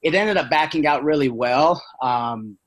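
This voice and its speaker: A man talking as a business-owner guest in a casual podcast chat, rambling through stories with plenty of fillers and tag questions. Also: fairly high pitch. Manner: rambling, fast, full of fillers and "right?".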